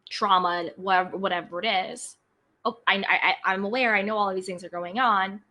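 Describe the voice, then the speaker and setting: A woman hosting a self-help podcast, talking in a calm, earnest way and repeating guiding phrases as she coaches her listeners. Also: medium pitch. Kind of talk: motivational self-help talk.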